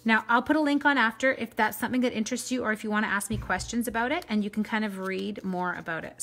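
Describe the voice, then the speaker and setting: Woman host from Canada, chatty live craft demo, mid-range pitch. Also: fairly bright tone. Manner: chatty, upbeat, greets live viewers by name. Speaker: card-making demonstrator.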